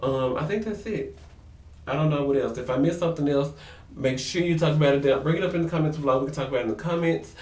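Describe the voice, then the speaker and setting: A man's voice: fairly high pitch, quick pace, a little mellow, far from the mic. A man casually recapping a reality show episode, sassy and gossipy, slipping into mocking impressions. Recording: roomy echo, a bit off-mic.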